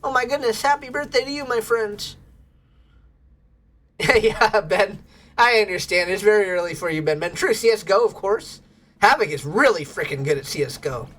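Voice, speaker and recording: A woman's voice: medium pitch, normal speed, fairly bright tone. A woman streaming a game, chatting casually and bubbly with her viewers and laughing often. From United States. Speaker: livestreamer. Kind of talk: casual chat with viewers while gaming.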